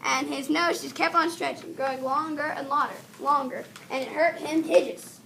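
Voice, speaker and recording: A woman teacher with a high voice reads a children's storybook aloud to a class, now and then pausing to fix a slip. She sounds set back from the microphone, with a faint hiss underneath. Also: fairly even intonation, vocal fry, sharp tone. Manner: stops to correct herself while reading. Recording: distant mic with faint background hiss.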